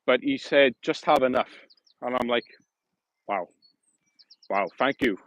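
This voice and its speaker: A man's voice: mid-range voice, unhurried, a bit bright, low-quality recording. A man hosting a casual livestream outdoors, rambling and correcting himself in a friendly, matey way. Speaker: livestream host.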